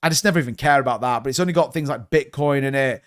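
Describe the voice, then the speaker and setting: A man's voice: medium pitch, racing. A man in his thirties, hosting a crypto livestream, talking bluntly and rambling, sometimes swearing. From United Kingdom. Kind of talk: casual livestream chat.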